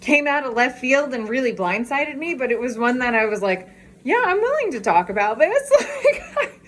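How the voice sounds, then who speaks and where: A woman's voice: medium pitch, a bit bright, a little hiss or hum. A woman vlogger chatting candidly in a casual walk-and-talk video, talking outdoors as she walks.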